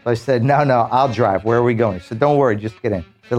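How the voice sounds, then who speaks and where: A man, a police officer, telling an animated story and acting out the voices of the people in it. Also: medium pitch, quick pace, faint music behind.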